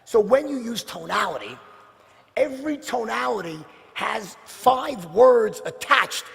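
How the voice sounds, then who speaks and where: With big pitch swings in an extremely high voice, a man leads a live sales seminar, asking the audience rhetorical questions and alternating loud bursts with hushed near-whispers. He speaks a little slowly with vocal fry, and the sound is of a big room.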